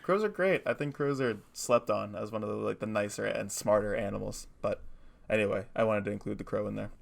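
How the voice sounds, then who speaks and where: A man with a low, gravelly voice co-hosts a casual podcast chat. He rambles loosely through his ideas, laughs easily and drops into quick character voices as he tells a story. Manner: rambling, laughs often, acts out animal voices. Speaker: podcast co-host.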